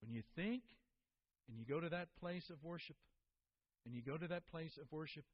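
Earnest preacher, muffled church recording. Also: male voice, a little high, normal speed, husky. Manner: earnest storytelling, repeats words for emphasis. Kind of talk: sermon.

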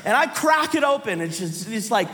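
Male preacher, sermon delivery, lively comic storytelling, high bright voice. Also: moderate pace, long reverb tail. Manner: animated storytelling, voices quoted people.

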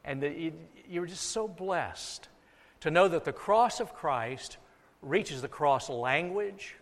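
Preaching slowly from the pulpit, this U.S. pastor sounds animated, his voice slightly high. He's emphatic, repeating key phrases for effect, and the church sanctuary gives a long, hall-like reverb.

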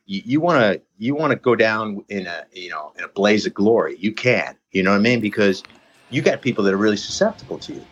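A man with a husky, fairly low voice tells a winding story in relaxed chat, padding nearly every thought with "you know" and restarts. The sound is dull and lo-fi, like a muffled call. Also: fast. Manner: rambling, lots of "you know" fillers. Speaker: podcast guest, personal trainer. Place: lives near Reading, England.

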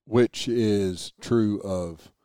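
Deep-voiced man chatting. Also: extremely slow, warm tone, no room sound, studio quality. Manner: rambling, enthusiastic, jokey. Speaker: podcast host. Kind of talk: casual chat.

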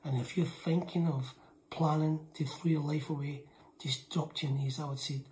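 Woman preacher, low warm voice, emphatic sermon, repeats herself, goes to a whisper a lot. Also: steady tone, moderate pace, a little hiss or hum. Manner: emphatic, repeats lines for weight, often drops to a hushed whisper.

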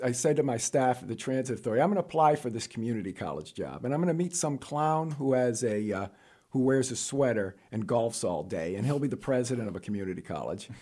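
A middle-aged man from New York telling stories of his career as an interview guest, jokey and animated, jumping up in pitch for punchlines. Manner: animated, jokey storyteller with sudden high-pitched asides. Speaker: guest, college administrator. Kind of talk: casual storytelling interview.

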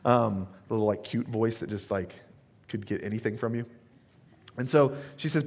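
A pastor in his thirties preaches a sermon in a mid-range voice, talking a little fast. He tells stories in a relaxed, conversational way, full of fillers and asides.

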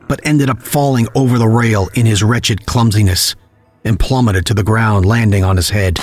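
A man narrating a scripted horror audio story in a measured, grim storytelling manner. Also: fairly low pitch.

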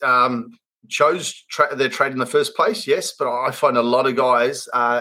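An Australian man hosts a casual podcast chat, speaking earnestly about his trade business with many restarts and rambling asides. His mid-range voice sounds pushed and bright.

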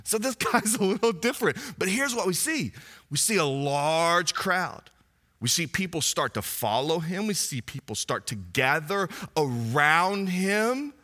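A male pastor, preaching a sermon in an animated, conversational way full of asides. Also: fairly high pitch, measured pace.

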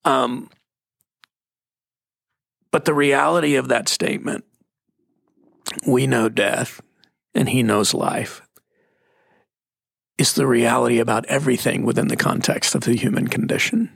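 A man co-hosting a faith talk, telling stories in a casual, emphatic preaching manner with a gravelly voice. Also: mid-range voice, a bit bright, no echo, clean studio sound. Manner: storytelling, emphatic.

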